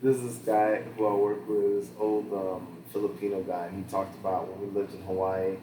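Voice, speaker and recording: A man's voice: low-pitched, level tone, a little fast, noisy background. A young man talking casually as a podcast host, rambling with lots of fillers and the odd curse word. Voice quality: rambling, full of fillers and swearing. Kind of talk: casual chat.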